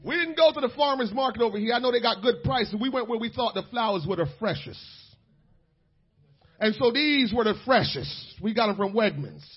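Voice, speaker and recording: A man preaching a sermon with fervor, moving from quiet storytelling to shouting, with many "uh"s and repeated words. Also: extremely high pitch, animated, breathy edge. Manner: fervent, swings from soft storytelling to shouting; fills pauses with "uh", repeats words. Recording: dull lo-fi recording.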